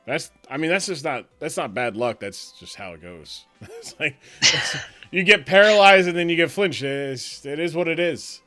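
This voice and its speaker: A man's voice: fairly high pitch, lively intonation, moderate pace, pushed and bright, soft background music. A man hosting a live stream as league commissioner, chatting loosely, laughing often and trailing off mid-sentence. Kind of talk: casual live-stream banter.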